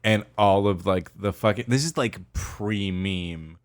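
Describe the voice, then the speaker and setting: Low-voiced male podcast co-host; loose, swearing, laugh-prone banter. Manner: joking, swearing, laughing, tosses in quick silly impressions. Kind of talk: casual chat.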